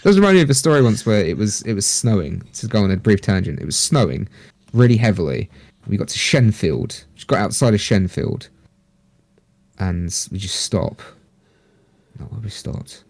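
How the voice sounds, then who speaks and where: A man, speaking in a low, warm register and telling a rambling story in casual conversation. He swears easily and puts on quick voices for other people's lines. The sound is dry and close. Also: very animated, creaky, no room sound. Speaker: podcast guest.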